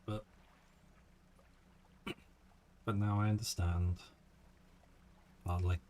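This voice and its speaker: Man, game streamer, casual commentary, laid-back, swears a lot, lowish voice. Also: little pitch movement, extremely slow, darkish tone, slight background noise.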